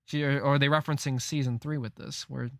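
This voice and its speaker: A man's voice: mid-range voice, fairly even intonation, quick pace, no room sound. Swearing, incredulous man reading a comic live. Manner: incredulous, swears often, thinks aloud.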